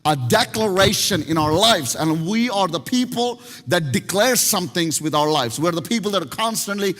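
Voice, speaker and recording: A man preaching a sermon as pastor, telling stories in an animated way and often restarting his sentences. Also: sits high, normal speed, faint music behind. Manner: animated storytelling with many restarts. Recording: long hall reverb.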